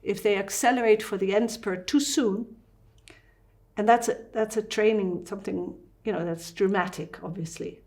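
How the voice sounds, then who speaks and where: A woman with a Dutch accent talks as a doctor in an interview. Her voice sits in a middle pitch, and she explains step by step, livening it up with small acted-out asides. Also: steady tone, normal speed, darkish tone. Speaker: fasting doctor.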